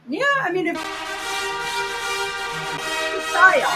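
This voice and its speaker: A woman's voice: fairly high pitch, lively intonation, unhurried, over loud music, rough recording. A woman giving blunt, sarcastic, profane reaction commentary over video clips as host of her channel.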